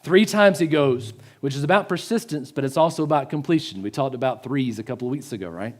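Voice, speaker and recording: A man giving a sermon in a church, swinging from loud pleading to hushed, slow emphasis. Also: mid-range voice. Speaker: pastor.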